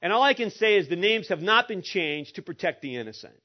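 High-voiced man telling a funny sermon story. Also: very animated, brisk. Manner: humorous storytelling. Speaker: pastor. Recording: muffled lo-fi recording.

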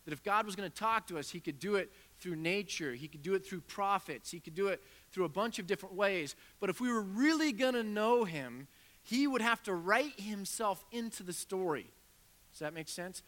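A male pastor delivers a conversational sermon, retelling a conversation with lively back-and-forth. His voice sits a little high and sounds bright and forward. A long reverb trails behind him, as in a church sanctuary. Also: normal speed. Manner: conversational storytelling preacher, animated retelling of dialogue. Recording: reverberant hall.

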